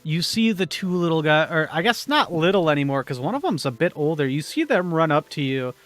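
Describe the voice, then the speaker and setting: A man narrating a tabletop role-playing game as game master, pausing with many fillers. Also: on the high side, expressive, fairly bright tone.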